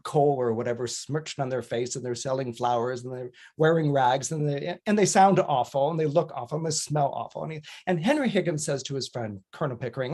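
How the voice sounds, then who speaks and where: A man hosting an astrology podcast tells a story in a loose, conversational way. He rambles and restarts his sentences, filling pauses with small hesitations, and now and then slips into quick character voices. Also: mid-range voice, a little mellow. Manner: chatty, digressive, with frequent fillers and restarts; briefly mimics characters in exaggerated voices.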